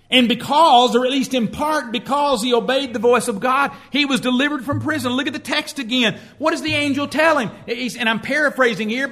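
A man with a high, bright and forceful voice preaching a sermon. He tells stories and acts out the people he quotes, and his delivery climbs and drops as he builds his points. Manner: storytelling preacher who acts out quoted speech. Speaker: pastor.

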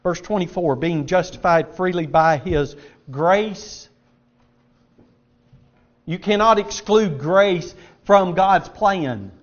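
High-pitched guy giving a sermon in an auditorium, leans hard on words, kinda muffled tape. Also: takes it slowly, long pauses. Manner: emphatic, repeats words for stress. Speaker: preacher.

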